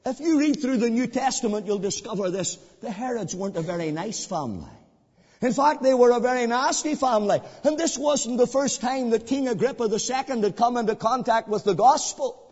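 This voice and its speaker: Male evangelist, high pitch, pleading questions, muffled recording with long hall reverb. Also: animated, brisk, slightly rough. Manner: swings between hushed pleading and loud ringing emphasis; repetitive rhetorical questions to the listener. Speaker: preacher. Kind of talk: evangelistic sermon.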